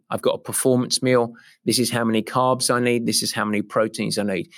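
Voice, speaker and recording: A middle-aged man, an endurance coach, explaining a training approach with emphatic, repetitive enthusiasm. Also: medium pitch. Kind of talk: podcast-style coaching explanation.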